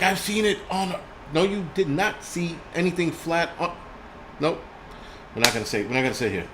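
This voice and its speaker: A man's voice: medium pitch, fairly bright tone, slight background noise. A man hosting a livestream, ranting angrily with heavy profanity, restarting and stammering over his words. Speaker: host. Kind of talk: livestream rant.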